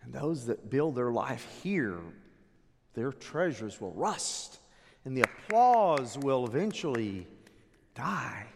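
A man preaching a sermon as pastor, dramatic, swinging from loud declarations to hushed asides. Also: mid-range voice, sing-song, slow pace, creaky, long reverb tail, a little hiss or hum.

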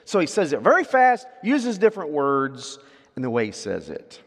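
A man preaching a sermon as pastor, swinging from loud, emphatic scripture readings to quiet asides and questions to the congregation. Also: fairly high pitch, huge pitch swings, moderate pace. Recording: long hall reverb.

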